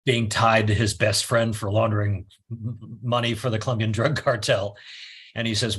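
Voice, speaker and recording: A man's voice: fairly low pitch, level tone, moderate pace, a bit bright, slightly rough. A man in casual conversation, telling stories with animation and laughing often. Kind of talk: casual chat.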